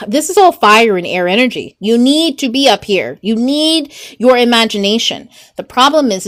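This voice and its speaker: A woman's voice: mid-range voice, a bit bright. A woman host and mindset coach teaching in a casual, chatty way, swearing freely and laughing through rambling asides.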